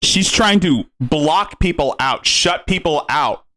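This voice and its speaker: A man's voice: a little high, expressive, slow, sharp tone. A man commenting scornfully on a clip during a live stream, swearing as he talks.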